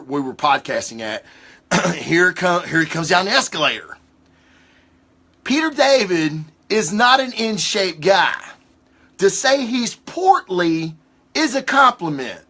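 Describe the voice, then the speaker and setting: A man hosting his show, telling a rambling, excitable story with a lot of cursing. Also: a little high. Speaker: host. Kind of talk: casual monologue.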